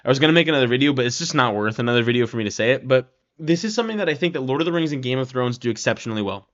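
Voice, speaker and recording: A man's voice: medium pitch, lively intonation, racing, fairly bright tone, highs cut off. A man giving a casual, rambling film review rant, leaning on "like" and "right?" and swearing now and then.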